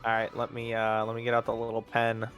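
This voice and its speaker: A man's voice: on the low side, completely flat delivery, fairly quick, fairly bright tone, soft background music. A man playing a tabletop game, explaining hesitantly with many fillers. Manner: hesitant, full of ums. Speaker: player. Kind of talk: tabletop role-play, casual chat.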